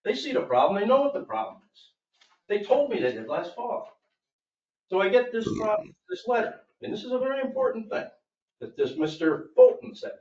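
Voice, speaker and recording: A man speaks up at a public board meeting, laying out his grievance with emphatic, indignant storytelling. His voice sits a little high for a man. It is picked up by a distant mic in a roomy hall, with a dull, muffled sound. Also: sing-song, brisk, darkish tone. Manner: aggrieved, emphatic storytelling, voices others in quotes. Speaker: property owner speaking at public comment.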